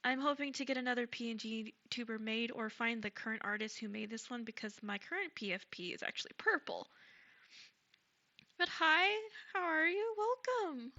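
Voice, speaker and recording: A woman streamer chatting casually with her viewers, soft and gushing, stumbling over ums and restarts, still getting over a cold. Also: high voice. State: recovering from a cold. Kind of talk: casual live-stream chat. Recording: streamer's mic with music behind.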